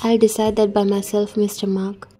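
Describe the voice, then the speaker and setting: Doting young husband and boss read by a woman, soft, mellow, storybook reading. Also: medium pitch, little pitch movement, normal speed, faint music behind, lightly acted. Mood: affectionate. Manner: soft, affectionate.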